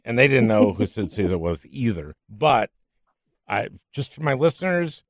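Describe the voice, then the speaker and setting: Older man, podcast host, joking, enthusiastic, low voice, dry sound. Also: no echo. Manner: enthusiastic, joking, repeats words. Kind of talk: casual interview chat.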